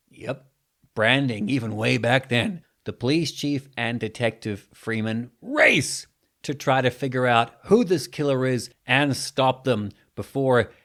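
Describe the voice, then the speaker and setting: Animated New Zealand man telling a story. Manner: animated, jumping in pitch for emphasis. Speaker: podcast host. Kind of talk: casual storytelling monologue.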